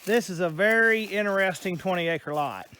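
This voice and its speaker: A man's voice: high voice, moderate pace, sharp tone, smooth. A man, a real estate agent rambling casually through a property tour while a little out of breath, walking outdoors in the woods. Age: 40s. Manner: rambling, loose, plainspoken, many fillers. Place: outdoors in wooded hillside land.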